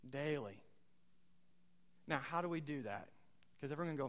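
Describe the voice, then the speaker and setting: A man's voice: medium pitch, fairly quick, pauses often, a bit bright, long reverb tail. A male pastor giving a conversational sermon, asking the congregation questions and quoting funny one-liners.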